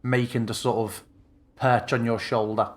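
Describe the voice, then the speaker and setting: A man narrating as game master in a casual, loose way, pausing with ums while he checks rules. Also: mid-range voice, little pitch movement.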